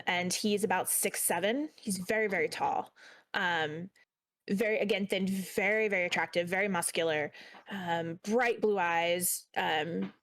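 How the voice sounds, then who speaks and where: A woman's voice: mid-range voice, a bit bright. A woman running a tabletop horror game as game master, describing scenes with many ums and repeated words. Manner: descriptive, with frequent ums and repetitions.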